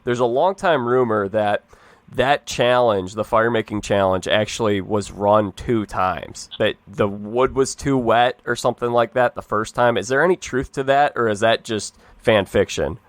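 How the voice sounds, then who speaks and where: Lower-voiced man host asking questions. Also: normal speed, no echo. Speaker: podcast host. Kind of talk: interview questions.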